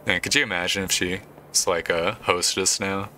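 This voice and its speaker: A man's voice: deep voice, flat delivery, moderate pace, sharp tone, a little hiss or hum. A man commenting casually while playing a video game, cracking jokes and puns. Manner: jokey, punning commentary. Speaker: game player. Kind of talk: let's play commentary.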